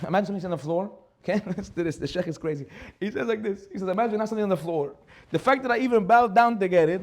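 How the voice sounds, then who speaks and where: A young man delivers a lively sermon, talking quickly with a high voice. He laughs often and acts out the people in his stories, slipping in Hebrew words. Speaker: rabbi giving a Torah class. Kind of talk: animated sermon with storytelling.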